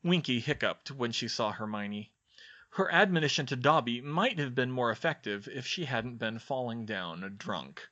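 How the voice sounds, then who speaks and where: A man narrates a storybook in a bright, crisp voice at a middle pitch. He reads steadily and evenly. The recording sounds a little dull and lo-fi. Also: lively intonation, normal speed. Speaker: audiobook reader.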